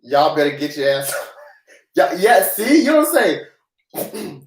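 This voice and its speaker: A man's voice: fairly high pitch, big pitch swings, takes it slowly, long pauses. Chatty joking man on a livestream. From grew up in the US South. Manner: chatty, laughing, loose and joking. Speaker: tax professional livestream host. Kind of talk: casual live-stream Q&A. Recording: roomy echo.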